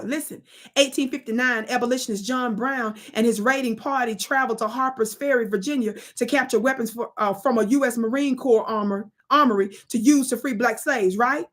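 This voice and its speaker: A woman hosting a live stream, reading history aloud and calling out to her chat in an animated, preachy way. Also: fairly high pitch, fast. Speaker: livestream host.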